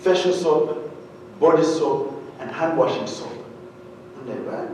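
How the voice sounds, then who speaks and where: A man's voice: on the high side, a little slow, darkish tone, slight background noise. A man from Uganda giving a humorous storytelling keynote, quizzing his audience as he goes. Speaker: keynote speaker. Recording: very echoey hall, voice far from mic.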